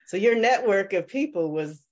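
A woman's voice: medium pitch, lively intonation, moderate pace, darkish tone. A woman co-hosting a podcast, asking questions and affirming her guest. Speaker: podcast co-host. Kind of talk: interview conversation.

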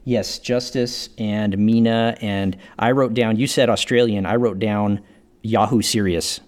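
A man's voice: on the low side, steady tone, measured pace, a little mellow. Laid-back joking man, podcast co-host. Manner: joking, laid-back, reads from his notes. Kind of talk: casual movie review chat.

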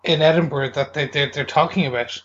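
A man's voice: fairly high pitch, a little fast, lo-fi sound, slight background noise. A man from the UK co-hosting a podcast, chatting enthusiastically in a casual film review. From United Kingdom. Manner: enthusiastic, acts out reactions. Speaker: podcast co-host.

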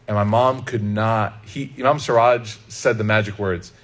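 A man from Chicago giving a conversational religious talk, lively and humorous, speaking straight to the audience. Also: fairly low pitch, normal speed. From Chicago, USA. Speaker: Islamic speaker.

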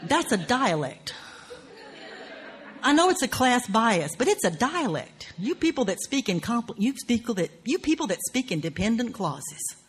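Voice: mid-range voice, very animated, moderate pace. A writing teacher with a Southern US accent, lecturing on craft in an earthy, profane, wry way with folksy grammar.

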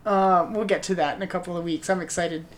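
A woman's voice: on the low side, fast. Laughing woman chatting about a film. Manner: animated, laughs often, acts out movie lines. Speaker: podcast co-host. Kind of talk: casual film discussion chat.

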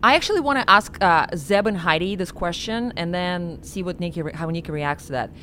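A woman's voice: lowish voice, a little fast, sharp tone, a little hiss or hum. A woman hosting a casual chat, rambling with many fillers. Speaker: podcast host.

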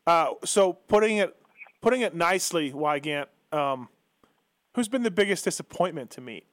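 Easygoing higher-voiced male host. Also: animated, normal speed, dry recording. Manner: easygoing, asks questions, frequent "yeah". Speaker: podcast host. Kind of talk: casual chat.

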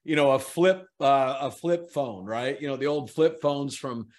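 A middle-aged man, a guest in an interview, telling an animated story and acting out the people in it. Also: medium pitch, a little slow.

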